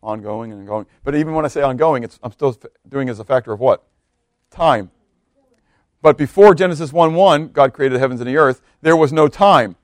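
A male pastor with a medium-pitched, brisk voice preaches conversationally, often pausing to question his listeners, repeating rhetorical questions and reading scripture aloud. The recording is clean studio sound without echo.

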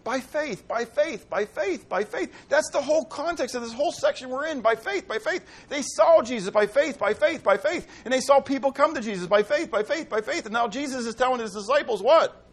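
A man's voice: very high-pitched, brisk. A man preaching a sermon, asking rhetorical questions and repeating key phrases. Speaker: pastor.

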